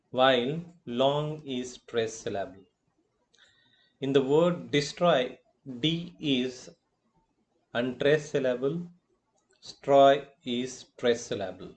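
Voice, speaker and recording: Male lecturer, Indian English accent, medium pitch, slow and repetitive delivery. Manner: slow and deliberate, repeating terms with filler phrases. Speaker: college lecturer. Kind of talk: recorded classroom lecture.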